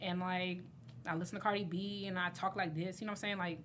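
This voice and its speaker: Young woman, podcast co-host, candid, animated, faint hiss behind. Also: lowish voice, fast talker. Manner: animated, candid, laughs often. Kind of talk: casual chat.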